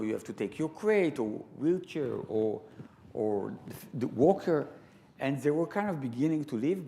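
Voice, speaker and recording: A man with an Israeli accent telling stories live to an audience in a large sanctuary, animated and full of laughing asides. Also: medium pitch. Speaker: storyteller guest. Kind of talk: live storytelling talk.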